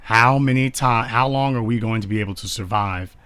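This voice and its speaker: A man's voice: mid-range voice, brisk, sharp tone, clean tone, dry recording. A man giving live-streamed social commentary, indignant and preachy, hammering points home with repeated rhetorical questions. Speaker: online commentator.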